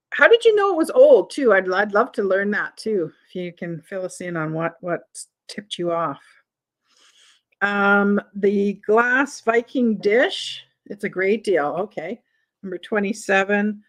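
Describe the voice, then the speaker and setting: A middle-aged woman hosts a live online vintage sale, talking at a slow, unhurried pace. She chats with her viewers as she calls out prices and lot numbers one after another. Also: mid-range voice. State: has the hiccups.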